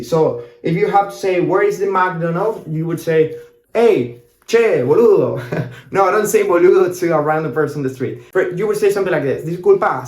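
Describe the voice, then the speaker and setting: A man from Argentina with an Argentine Spanish accent, teaching a language lesson and slowly demonstrating how words are pronounced. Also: a little high, darkish tone, roomy sound. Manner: demonstrates pronunciations slowly, then explains quickly.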